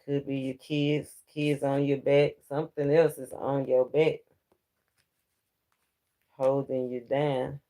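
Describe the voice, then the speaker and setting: Slow-talking man giving a tarot reading. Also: medium pitch, level tone, dark tone. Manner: slow, preachy, talks straight to viewers. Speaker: tarot reader. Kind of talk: casual spiritual tarot reading.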